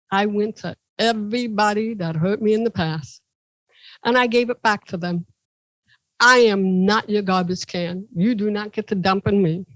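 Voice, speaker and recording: A woman's voice: dry recording, low-quality recording. A woman from Ohio, a podcast guest, telling personal stories animatedly and acting out the voices of the people in them. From Ohio, USA. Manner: animated, acts out quoted voices with big pitch jumps. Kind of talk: personal storytelling.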